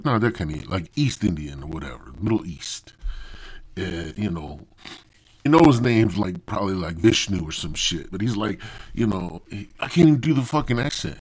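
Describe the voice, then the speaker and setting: A man hosting a comedy podcast, telling a story with heavy swearing and constant tangents. His pitch jumps around expressively as he riffs. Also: big pitch swings, moderate pace, husky. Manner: profane, rambling, digressive. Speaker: podcast host.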